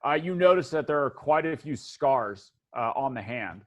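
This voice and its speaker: A man narrates as game master of a tabletop game in a mid-range, expressive voice. His delivery is halting, with many fillers and restarts.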